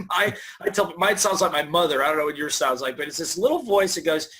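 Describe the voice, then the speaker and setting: This is a middle-aged man with a fairly high voice, speaking as a guest author in a conversational interview. He tells stories with energy and acts out the voices people hear in their heads. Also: lively intonation, brisk, fairly bright tone.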